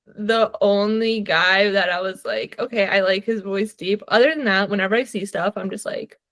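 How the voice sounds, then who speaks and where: A woman co-hosting a book podcast in casual chat, animated and quick to laugh, telling stories with many "like" fillers. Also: medium pitch, no room sound. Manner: animated, laughs often, filler-heavy storytelling. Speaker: podcast co-host. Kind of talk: casual chat about books.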